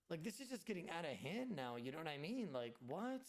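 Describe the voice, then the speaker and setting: Animated, swearing man streaming to chat. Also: on the high side, brisk, hardly any pauses. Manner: animated, swears freely, addresses chat directly. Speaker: game streamer. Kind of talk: casual livestream chat while gaming.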